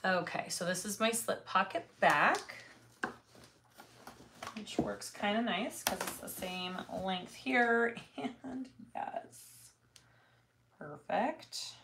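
A woman of middle pitch talks slowly and easily, ticking items off a list under her breath and then chatting with viewers. The recording carries a clear layer of background noise. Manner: muttering checklists to herself, chatty asides. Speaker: livestream host, bag maker. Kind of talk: casual livestream chat while cutting fabric.

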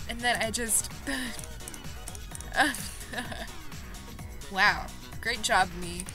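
A woman vlogging in a casual commentary style, excitable and self-mocking, reacting quickly as she plays. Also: fairly high pitch. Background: background music.

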